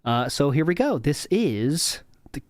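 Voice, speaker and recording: A man's voice: fairly high pitch, sing-song, unhurried, no echo, studio quality. A man hosting a podcast, rambling with many fillers as he comments casually on old video footage. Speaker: podcast host.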